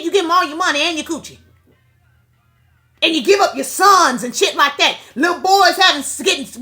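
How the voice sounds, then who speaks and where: Middle-aged woman w/ ranting, cussing, preachy, high bright voice. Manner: blunt, profane, preachy rant. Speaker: online commentator. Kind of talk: casual opinion monologue.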